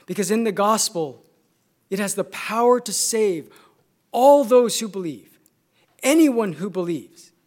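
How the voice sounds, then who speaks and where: Californian-accented male preacher, measured, emphatic, builds points by repetition. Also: high-pitched, darkish tone. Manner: measured and emphatic, building through repeated phrases. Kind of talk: sermon.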